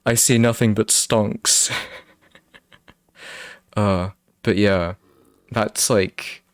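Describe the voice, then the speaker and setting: A man's voice: on the low side, fairly even intonation, drawn-out words, no room sound, clean studio sound. A young man with a British accent, a streamer chatting casually and rambling with his viewers. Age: young adult. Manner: rambling, self-interrupting, laughs often.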